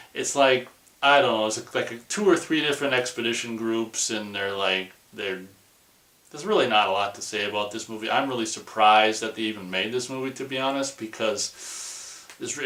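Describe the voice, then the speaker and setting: A man's voice: fairly low pitch, pushed and bright, echoey room, distant mic. A man giving a casual, rambling movie review, dismissive in tone, full of restarts and fillers.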